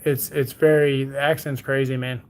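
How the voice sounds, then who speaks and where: Hosting a laid-back livestream, a Bermudian man reads out comments from viewers and tosses back joking replies in an accent that mixes Bermuda with Texas country. His medium-pitched voice is level and at normal speed, with slight background noise.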